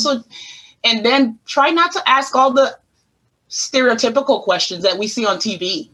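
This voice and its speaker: A middle-aged woman with a Virgin Islands Caribbean accent speaks as an interview guest. Her voice is bright and forward with a husky edge. She tells her stories animatedly. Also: mid-range voice, a little fast, rough recording. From St. Thomas, U.S. Virgin Islands. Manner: animated storyteller acting out quoted questions. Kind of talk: conversational interview.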